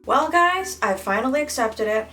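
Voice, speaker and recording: Playful high-voiced woman vlogger. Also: lively intonation, moderate pace, a bit bright, recorded from a distance, soft background music. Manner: playful, goofy, breaks into silly singing. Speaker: beauty vlogger. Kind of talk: casual makeup tutorial chat.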